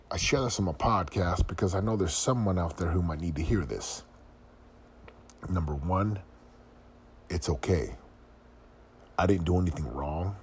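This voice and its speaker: A middle-aged man with a very low voice talks through a personal reflection for his podcast. His delivery is earnest and confessional, full of searching questions. A faint hum of room ambience sits behind him. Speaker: podcast host.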